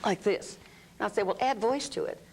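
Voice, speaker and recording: A woman's voice: medium pitch, fairly quick, a little hiss or hum. A woman explaining an energy healing technique in an interview, demonstrating groans, sighs and vocal sounds as she talks. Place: room under studio lights.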